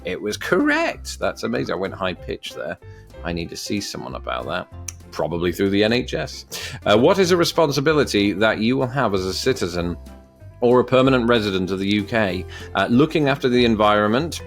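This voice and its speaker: A man's voice: on the low side, expressive, fairly quick, soft background music. A man reading quiz questions aloud and answering them, with wry jokes in between. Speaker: vlogger. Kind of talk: casual commentary while taking an online quiz.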